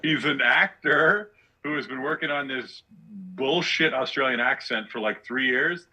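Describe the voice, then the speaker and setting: A man's voice: medium pitch, a little slow, pushed and bright, slightly rough, poor audio. A male comedian on a podcast, ranting with sarcastic rhetorical questions in casual chat. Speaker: guest comedian.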